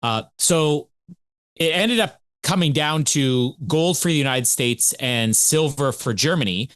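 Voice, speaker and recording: A man co-hosting a podcast, his voice sitting a little high and moving a lot as he tells stories. He talks in an animated, chatty way. The sound is dry and close. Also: measured pace, smooth, no room sound. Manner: animated, chatty storytelling with laughs. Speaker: podcast co-host. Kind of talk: casual podcast chat.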